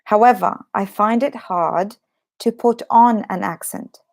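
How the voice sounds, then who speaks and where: A woman's voice: mid-range voice, a little slow, creaky, a little mellow. A woman with an American accent teaching an online English lesson, talking straight to the viewer in a chatty way. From Britain.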